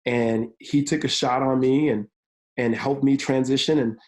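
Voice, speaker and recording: A man in his thirties, a football coach and pastor, telling his story in an energetic interview, speeding up in quick bursts. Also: mid-range voice, poor audio. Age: 30s. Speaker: college football analyst and pastor. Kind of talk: remote interview.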